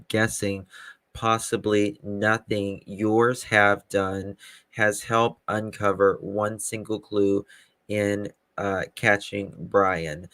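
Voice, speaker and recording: Slow, deep, gravelly man reading live chat. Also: no room sound. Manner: calm, slow, dry, teasing. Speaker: YouTube web sleuth host reading live chat. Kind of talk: casual live-stream chat.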